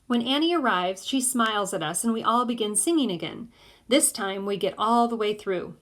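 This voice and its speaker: A woman narrating an audiobook in the first person of a boy, in a measured way. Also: mid-range voice, lively intonation, fairly bright tone.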